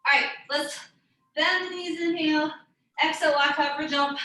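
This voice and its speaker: A woman's voice: high-pitched, fairly even intonation, normal speed, bright, forceful tone. A woman teaching a live yoga class, giving encouraging cues and calling out students by name. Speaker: yoga instructor. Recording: very echoey room, voice far from mic, faint background noise.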